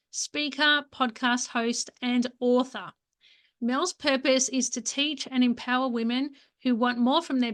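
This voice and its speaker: A woman's voice: sits high, a bit bright. A woman hosting a podcast interview, upbeat and enthusiastic. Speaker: podcast host.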